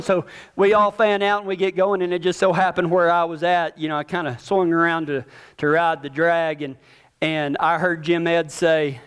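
High-voiced man spinning a yarn. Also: moderate pace, a bit bright, clean tone. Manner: folksy, plainspoken, with repetitions and rural phrasing. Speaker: storyteller. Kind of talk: casual spoken storytelling.

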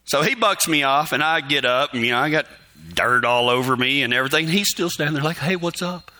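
Folksy preacher man with a sharp voice. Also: medium pitch, fast talker. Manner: folksy, chuckling often as he tells a story. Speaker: pastor. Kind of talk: storytelling sermon.

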